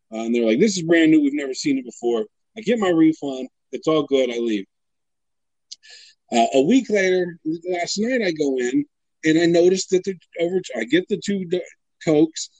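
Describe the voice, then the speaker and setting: A man's voice: fairly high pitch, dry recording, rough recording. A man casually telling a story, exasperated and swearing, acting out what everyone said. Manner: profane, exasperated, acts out quotes.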